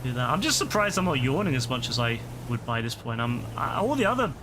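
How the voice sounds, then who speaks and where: A man's voice: mid-range voice, sing-song, fast. A tired man streaming a game, talking to himself and the game in a frustrated, exclaiming way, his voice starting to break. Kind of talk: live gameplay commentary. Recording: clear game noise behind the voice.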